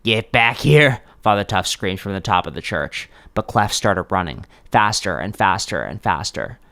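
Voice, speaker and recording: A man's voice: sits low, expressive, normal speed, pushed and bright, no echo, studio quality. A man narrating a story in a dramatic scripted style, with sudden shifts in pace.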